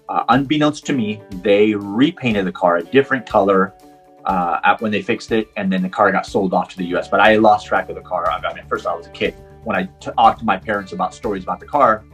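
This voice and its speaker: A middle-aged man from Puerto Rico who is a professional driver, telling a personal story in an interview and acting out the dialogue. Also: fairly low pitch. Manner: animated storyteller, acts out quoted dialogue.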